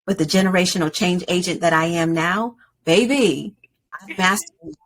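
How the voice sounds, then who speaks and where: A woman in her forties, a podcast guest, telling a personal story in an animated way. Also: fairly low pitch, normal speed. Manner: animated storyteller, acts out quoted voices.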